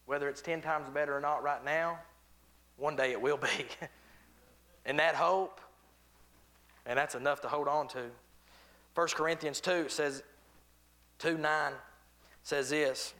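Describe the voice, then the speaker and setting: A man's voice: a little high, measured pace, pauses often, sharp tone. A man with a somewhat raised voice preaches in a church service. He reads King James scripture aloud and keeps repeating key phrases for emphasis. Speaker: visiting preacher. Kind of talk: sermon with scripture reading and prayer.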